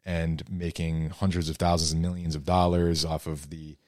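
A man with a low voice talks as a podcast guest. He explains things earnestly in a loose, conversational way, full of fillers. The recording is dry and close. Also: level tone, moderate pace, darkish tone, no room sound. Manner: earnest storytelling, heavy use of fillers. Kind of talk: casual conversation.

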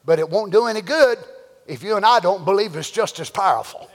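High-voiced preacher in reverb. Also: male voice, animated. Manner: preaching with rising shouts and drawn-out words; folksy storytelling. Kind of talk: sermon. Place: church sanctuary.

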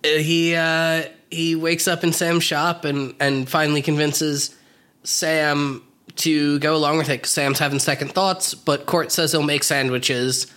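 A young man with a bright, slightly high voice recaps a story on a casual podcast. He drops in wry asides as he goes. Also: flat delivery, a little slow. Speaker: podcast co-host. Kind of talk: casual comedic podcast chat.

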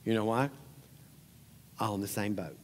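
A man preaching a sermon as pastor, conversational and animated, acting out scenes and closing in prayer. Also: lowish voice, normal speed, long reverb tail, a little hiss or hum.

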